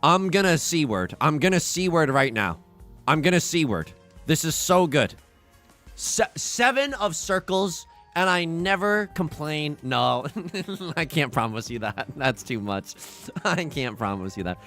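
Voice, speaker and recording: Dramatic, lively man streaming a game. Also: fairly high pitch, measured pace, soft background music. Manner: dramatic, pleading, joking. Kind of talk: casual livestream commentary.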